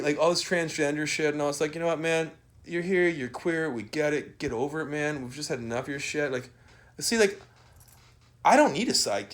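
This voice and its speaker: In a mid-range voice, a man delivers a rambling, profane rant, combative and repetitive. He tags sentences with "right?" and "man," and often trails off or starts over.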